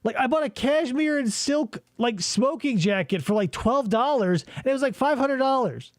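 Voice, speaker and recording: A man's voice: very high voice, normal speed, dry recording, studio quality. A man from Arizona co-hosting a casual podcast, riffing on old commercials in a rambling, profane way. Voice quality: animated, profane, rambling riffs. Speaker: podcast co-host.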